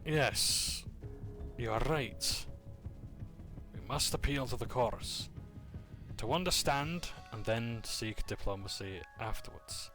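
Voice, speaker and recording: A man voicing a calm, authoritative male warden who makes decisions in a tabletop game. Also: mid-range voice, takes it slowly, music in the background, lightly acted. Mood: decisive.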